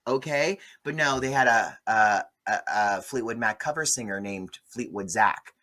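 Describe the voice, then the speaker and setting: A man hosting a casual movie review chat, animated and gossipy, often swearing. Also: fairly low pitch, moderate pace. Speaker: host.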